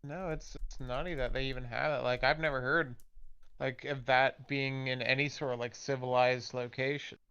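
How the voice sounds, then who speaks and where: A man's voice: medium pitch, flat delivery, normal speed, sharp tone, smooth. A man co-hosting a casual talk show, reacting with blunt swearing. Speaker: co-host. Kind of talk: casual chat. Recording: dull lo-fi mic.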